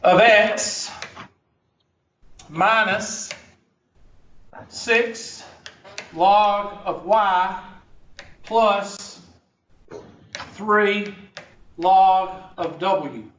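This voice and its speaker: High-voiced joking math teacher. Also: male voice, very slow, pauses often, a bit bright, distant mic. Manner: joking, teasing, quizzes the class. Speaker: math instructor. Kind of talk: classroom lecture. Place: classroom. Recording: echoey muffled room recording from afar with faint hiss.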